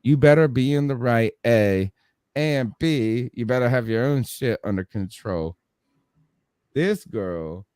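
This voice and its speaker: A man hosting a sports podcast in casual chat, telling stories with lively acted-out quotes and frequent laughs. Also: medium pitch, takes it slowly, smooth, no room sound, studio quality. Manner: animated storyteller, acts out quotes, laughs often. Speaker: podcast host.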